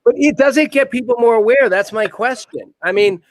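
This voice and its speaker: High-voiced man hosting a live talk show. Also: no room sound. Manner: brisk, joking, asks pointed questions. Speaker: host.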